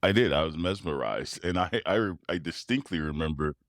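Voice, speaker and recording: A man, a tuba player, telling personal stories as a guest, animated and often laughing. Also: low voice, a little fast, no echo, studio quality. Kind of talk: interview storytelling.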